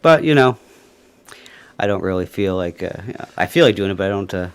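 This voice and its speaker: A man's voice: deep voice, lively intonation, a little fast, smooth. A man hosting a casual livestream, rambling with many fillers and little chuckles. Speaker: livestream host. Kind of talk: casual chat.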